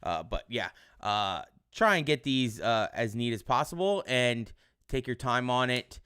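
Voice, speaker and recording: A male teacher giving casual online class instructions in a relaxed, rambling way with many fillers. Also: mid-range voice, a little slow, smooth.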